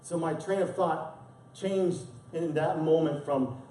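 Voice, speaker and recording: A man's voice: fairly high pitch, steady tone, slow, warm tone, slight background noise. A male pastor delivering a sermon, telling a personal story with earnest emotion and repeating words as he speaks. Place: church sanctuary. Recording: echoey distant church sound.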